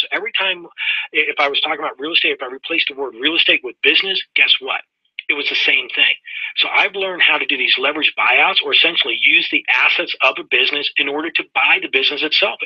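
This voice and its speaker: Husky-voiced folksy man telling a story. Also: on the high side, no echo, dull audio. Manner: folksy, talks straight to "folks". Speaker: webinar presenter. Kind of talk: personal story in a webinar.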